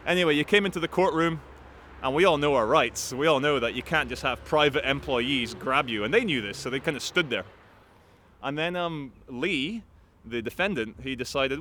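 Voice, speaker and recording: A man telling a story to camera in an animated, profane, rambling way. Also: medium pitch, moderate pace, a little hiss or hum. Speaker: activist vlogger.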